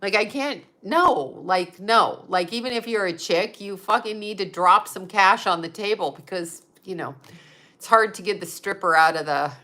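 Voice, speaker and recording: A woman's voice: medium pitch, a little slow, pushed and bright. A woman in her fifties with a stuffy nose, hosting a casual livestream chat, talking freely and with a lot of swearing, often laughing as she answers her viewers. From Utah. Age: 50s. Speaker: psychic medium host.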